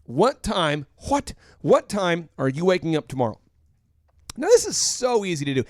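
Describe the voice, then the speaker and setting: A man's voice: high-pitched, big pitch swings, normal speed, dry recording. A man hosting a business coaching podcast, joking and acting out little scenes while fighting a cold. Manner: jokey, acts out little scenes in put-on voices. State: has a cold. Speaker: podcast host. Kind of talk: animated business coaching chat.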